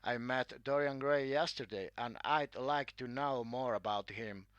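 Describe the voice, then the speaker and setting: A man's voice: medium pitch, a little slow, fairly bright tone, no echo, close to an everyday voice. A man voicing smug witty aristocrat. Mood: charming.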